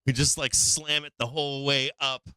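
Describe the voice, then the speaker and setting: Crisp-voiced man teasing a live chart. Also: medium pitch, steady tone, unhurried, sharp tone, dry recording, studio quality. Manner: talks to the chart teasingly, swears, laughs often. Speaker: live trading show host. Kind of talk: casual live-stream commentary.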